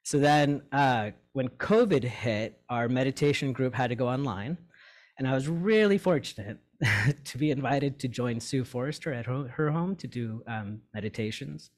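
A man in recovery sharing a personal story with his meditation group, candid and halting, full of fillers and restarts. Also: mid-range voice. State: tearing up.

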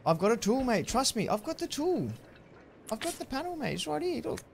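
Excitable man streaming a game. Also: extremely high pitch, fairly quick, vocal fry, a little hiss or hum. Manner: chatty, excitable, yells thanks to viewers. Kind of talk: live-stream gameplay commentary.

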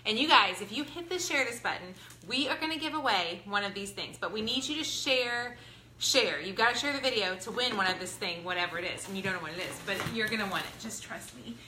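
A woman hosting a live unboxing from her home, bubbly and excited, greeting viewers by name. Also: medium pitch, fast talker, few pauses. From Ohio, US. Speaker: product review livestream host. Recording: echoey room with background noise.

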